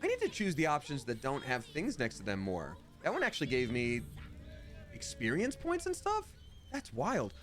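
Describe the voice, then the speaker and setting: A man streaming a game live, chatting excitedly and reading viewer comments aloud. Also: mid-range voice, normal speed. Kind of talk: casual live gameplay commentary.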